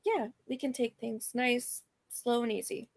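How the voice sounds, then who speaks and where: A woman's voice: a little high, fairly even intonation, a little slow, gravelly, dry recording. A woman voicing a blunt, loyal young student who speaks in a matter-of-fact, reassuring way.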